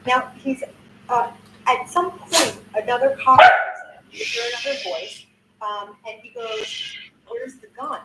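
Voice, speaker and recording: A little high and expressive, this woman's voice moves at a measured pace as she, a content creator in her sixties, casually and indignantly recaps a news video. She swears often and restarts sentences; the audio sounds roomy and distant, with faint noise.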